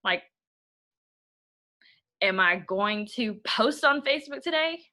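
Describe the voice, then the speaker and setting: A woman's voice: a little high, lively intonation, moderate pace, long pauses, bright, forceful tone. A young woman, giving a rambling, blunt motivational training talk to her team. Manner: rambling, blunt, uses y'all.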